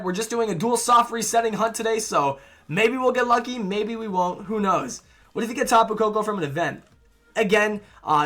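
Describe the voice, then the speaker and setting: A man's voice: high-pitched, sharp tone. A young man streaming a game, chatting casually and answering viewers in a laid-back way. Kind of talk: casual live-stream chat reading viewer messages.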